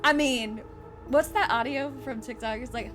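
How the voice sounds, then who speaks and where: A young woman streamer giving animated, casual let's-play commentary, swearing freely. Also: fairly high pitch, moderate pace, music in the background. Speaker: gaming streamer.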